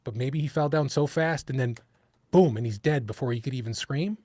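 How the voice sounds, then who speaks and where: A man's voice: mid-range voice, fairly quick, dry recording, studio quality. Chatty New York man on a live stream. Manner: rambling, restarts, animated asides. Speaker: host of a live true-crime stream. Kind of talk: casual live-stream talk.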